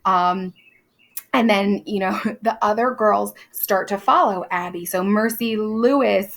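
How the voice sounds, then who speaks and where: A woman's voice: medium pitch, fairly even intonation, normal speed. A young adult woman teaching, explaining a play in a casual way with lots of fillers. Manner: casual, many fillers, briefly acts out quoted lines.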